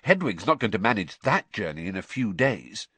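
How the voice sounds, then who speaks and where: A man voicing a clever, sensible teenage girl in a storybook reading, brisk and reasonable in a raised pitch. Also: sing-song, a bit bright, breathy edge, dry recording, full character voice. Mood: earnest.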